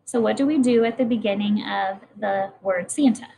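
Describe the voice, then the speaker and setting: A woman's voice: mid-range voice, normal speed, vocal fry, mellow, rough recording. A woman teacher leading a morning message lesson for young children, speaking in a patient, encouraging way. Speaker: kindergarten teacher.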